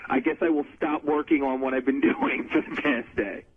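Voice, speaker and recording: A man calling in to a radio show, speaking in a hesitant, halting way. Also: mid-range voice, steady tone, breathy edge. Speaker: caller. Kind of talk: casual radio call. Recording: tinny phone line.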